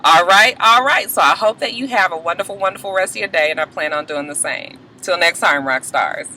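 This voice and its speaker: Sassy, animated woman recapping TV. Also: lowish voice, a little fast, a little hiss or hum, low-quality recording. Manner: animated, sassy, dramatic storytelling. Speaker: host. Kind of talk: casual TV episode recap.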